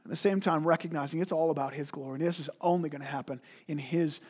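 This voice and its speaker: A man's voice: fairly high pitch, steady tone, quick pace, a little mellow, slightly rough. A man preaching a sermon as a pastor, emphatic, with rhetorical questions and repeated words.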